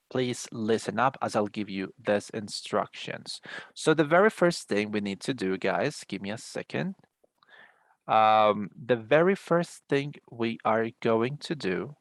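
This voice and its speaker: A man's voice: on the low side, no room sound. A man teaching an English lesson over a video call, explaining at length with frequent restarts and calling the students "guys.". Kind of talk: online class explanation.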